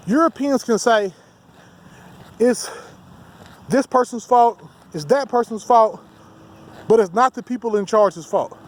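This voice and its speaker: A man's voice: very high-pitched, unhurried, long pauses. A man delivering a heated, profane, rambling rant as a solo vlogger. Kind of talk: ranting monologue to camera.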